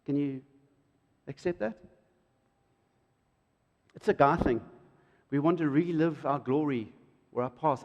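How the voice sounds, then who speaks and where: A middle-aged man, preaching a sermon in an animated way and acting out quotes. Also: unhurried, long pauses. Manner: animated, jumps to loud high emphasis and acts out quotes. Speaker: pastor. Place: church hall. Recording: reverberant church hall.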